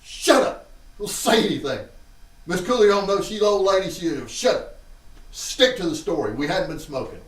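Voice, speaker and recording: A bossy older teenage sister snaps urgent orders, put on by a Southern man telling a story. The voice sits a little higher and louder. It sounds roomy and off-mic. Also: brisk, few pauses, recorded from a distance, lightly acted. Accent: Southern US, Alabama. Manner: urgent, commanding.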